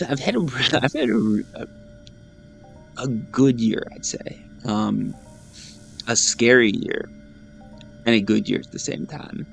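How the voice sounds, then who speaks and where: Gamer guy in his 30s rambling over gameplay, kinda low and creaky, jokes at himself, faint music behind. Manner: rambling, self-deprecating, repeats words. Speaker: gaming YouTuber host. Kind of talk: casual chat over gameplay.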